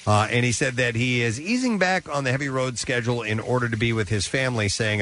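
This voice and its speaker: A man hosting a radio show, reading entertainment news briskly with filler "uh"s and casual asides, in a radio studio. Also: medium pitch, expressive, fairly bright tone, a little hiss or hum. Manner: brisk newsreader delivery with filler "uh"s.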